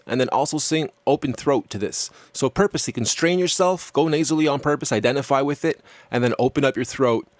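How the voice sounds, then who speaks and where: A man's voice: medium pitch, no room sound. A man co-hosting a singing lesson, asking questions and setting exercises for listeners. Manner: asks questions and gives exercises. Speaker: co-host of a vocal course. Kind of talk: instructional chat.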